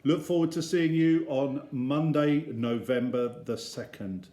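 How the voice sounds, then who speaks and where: A man, a teacher, reading a children's story aloud in an expressive storytelling manner. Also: mid-range voice, unhurried. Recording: roomy echo.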